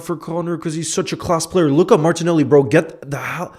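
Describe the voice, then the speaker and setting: A man's voice: on the high side, a little fast, darkish tone. A man live-reacting to a football match for his viewers, emotional and outspoken, often saying "bro" as he swings between outrage and glum reflection. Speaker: football fan streamer. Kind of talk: live match watchalong commentary.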